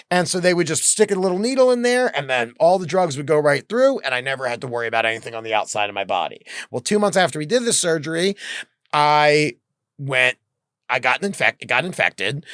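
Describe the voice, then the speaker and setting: Male comic guest, expressive storyteller who does the voices, swinging pitch. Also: dry recording, studio quality. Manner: animated, acts out quoted voices. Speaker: comedian guest. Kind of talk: casual podcast storytelling.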